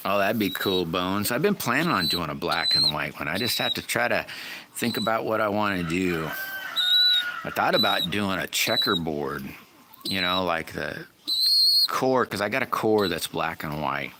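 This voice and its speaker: A man with a low voice chats casually with his viewers, rambling in a folksy way and calling people by name. Loud background noise runs under the whole stream. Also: animated, normal speed. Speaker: livestream host.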